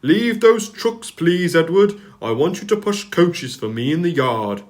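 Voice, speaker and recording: A man's voice: a little high, big pitch swings, unhurried, voice pushed up. A man voicing a stern, portly older railway boss in a storybook reading, firm and commanding. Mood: kind.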